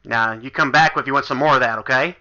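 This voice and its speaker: A man's voice: medium pitch, fast talker, sharp tone, highs cut off. A man doing a flirty middle-aged shopkeeper lady. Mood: flirty, teasing. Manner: coy, teasing, calls the customer hun.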